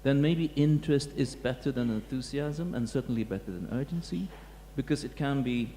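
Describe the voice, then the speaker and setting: A man, a museum curator, giving a reflective talk to an audience, pausing and restarting often. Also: mid-range voice, dark tone. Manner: halting, many restarts and fillers, reflective. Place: lecture hall. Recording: echoey hall with faint hum.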